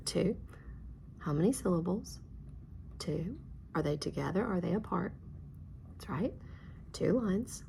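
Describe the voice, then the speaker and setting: Patient woman teacher with a gravelly low voice. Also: a little slow, long pauses, darkish tone, slight background noise. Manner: patient, encouraging, step-by-step prompting. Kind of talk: one-on-one reading lesson.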